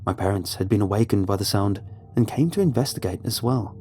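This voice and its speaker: A man narrating a horror story in a measured, dramatic way. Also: lowish voice, mellow.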